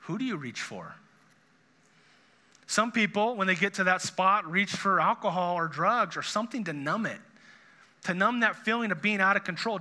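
A man's voice: high-pitched, bright, forceful tone. A middle-aged man, a pastor, preaching a sermon in an earnest, conversational way with frequent restarts.

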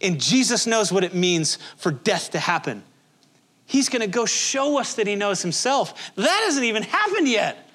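A man's voice: high voice, big pitch swings, normal speed, fairly bright tone. A male pastor preaching a sermon in a conversational, emphatic way, with many rhetorical questions.

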